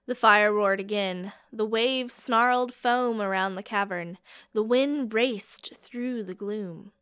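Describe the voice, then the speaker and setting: A woman narrating a fantasy audiobook in a slow, measured, dramatic way. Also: medium pitch, a bit bright, clear, resonant tone.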